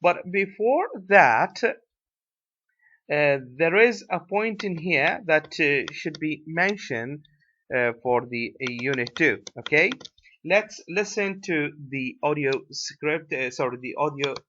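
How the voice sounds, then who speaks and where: A male English lecturer with an Iraqi Arabic accent, explaining a lesson slowly and filling pauses with "uh" and "right?". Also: on the high side, expressive, sharp tone, slight background noise. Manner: hesitant, many fillers, tag questions like "right?". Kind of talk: recorded lecture. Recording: dull lo-fi lecture recording.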